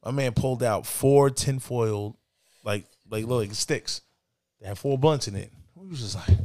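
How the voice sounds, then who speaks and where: A man casually telling a long personal story on a podcast, slangy and relaxed, getting animated when he quotes people. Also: mid-range voice, moderate pace. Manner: laid-back, slangy, animated when quoting others. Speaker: podcast co-host. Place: indoors, podcast setting.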